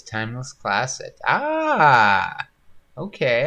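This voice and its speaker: A man's voice: mid-range voice, sing-song, slow, sharp tone. A man hosting a painting livestream, chatting casually and rambling, with frequent laughs. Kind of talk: casual chat while painting.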